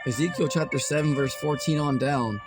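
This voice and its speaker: A man's voice: a little high, fairly quick. A man preaching as a street preacher in a ranting, mocking tone full of slang and swearing. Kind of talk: ranting religious commentary. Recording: loud background music.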